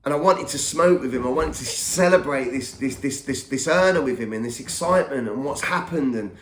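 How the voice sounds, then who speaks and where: A man's voice: medium pitch, brisk, fairly bright tone, a little hiss or hum. A middle-aged man telling his own story in a casual, rambling way, often repeating and restarting words. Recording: echoey room.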